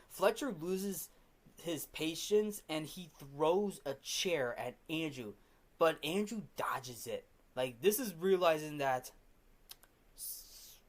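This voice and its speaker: Rambling man recapping a film. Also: on the high side. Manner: rambling, repeats "literally", many restarts. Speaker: film review host.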